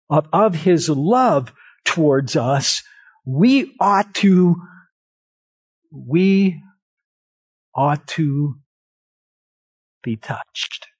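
Man, pastor, sermon, very slow delivery, lively pitch, emphatic repetition. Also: breathy edge. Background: live-streamed church service.

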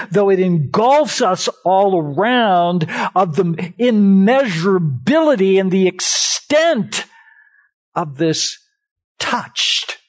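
A man preaching a sermon, with slow, deliberate delivery and emphatic repetition. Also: high voice. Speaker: pastor. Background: live-streamed church service.

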